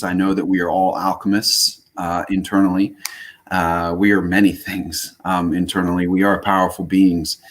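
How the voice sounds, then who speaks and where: A man guest speaking in a calm, earnest, measured way on a live video call. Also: deep voice. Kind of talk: casual live-stream chat.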